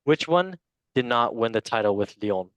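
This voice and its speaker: A playful man runs a casual quiz among friends, joking as he fumbles foreign names. His voice bounces up and down in pitch. The sound is dry and close to the mic. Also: expressive, normal speed, clear, resonant tone, no room sound. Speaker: quiz master. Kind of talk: casual podcast quiz hosting.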